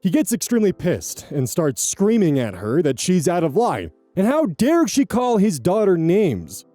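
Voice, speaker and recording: A man hosting a channel and narrating an online post aloud with animated, emphatic storytelling. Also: sits high, moderate pace, dry recording, soft background music. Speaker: channel host reading online posts.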